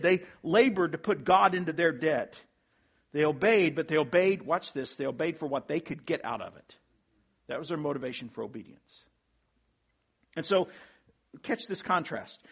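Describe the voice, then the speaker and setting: Man preaching, husky, fairly high voice, earnest and emphatic. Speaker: pastor. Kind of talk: sermon.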